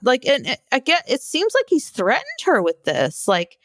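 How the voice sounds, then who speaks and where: A woman's voice: mid-range voice, wildly swooping pitch, moderate pace, few pauses, dry recording, studio quality. A woman co-hosting a podcast in casual chat, exasperated and sarcastic. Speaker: podcast co-host.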